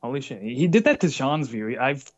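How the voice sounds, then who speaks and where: A man's voice: mid-range voice, very animated, brisk. Guy ranting and mocking ppl, swears a lot, kinda dull lo-fi call sound. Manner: profane, mocking, mimics people in whiny voices. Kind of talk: casual crude drama chat. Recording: slightly dull lo-fi call audio.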